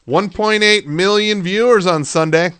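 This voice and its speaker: A man co-hosts a casual podcast, reeling off entertainment news bluntly and with plenty of swearing. His voice is smooth and clear in a dry, close recording. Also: high-pitched, unhurried, a bit bright, no room sound. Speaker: podcast co-host and radio host.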